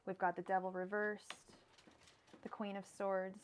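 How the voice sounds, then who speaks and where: A woman's voice: medium pitch, level tone, measured pace, slight background noise. A young adult woman doing a casual live-stream tarot reading, who murmurs repeated card invocations and rants heatedly. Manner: casual, swears, calls viewers girl. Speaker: tarot reader.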